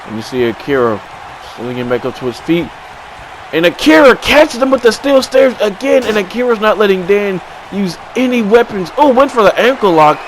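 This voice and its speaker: A man giving excited play-by-play commentary on a video game wrestling match, swinging from low mutters to sudden shouts. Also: moderate pace, poor audio. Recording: crowd and game noise behind.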